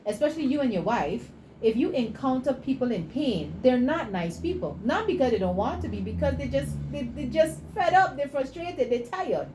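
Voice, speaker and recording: Passionate woman with a mellow voice. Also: sits high, lively intonation, moderate pace, slight background noise, poor audio. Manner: passionate, preachy, acts out dialogue. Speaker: entrepreneur guest. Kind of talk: interview storytelling pitch.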